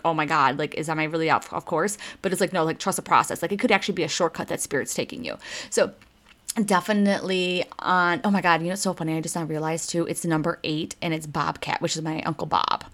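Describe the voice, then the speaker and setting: A woman's voice: fairly low pitch, a bit bright. A woman, hosting a casual spiritual card reading and talking straight to her listeners in a chatty, emphatic way. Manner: chatty and emphatic, swears mildly, addresses listeners directly. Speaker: spiritual card reader, podcast host.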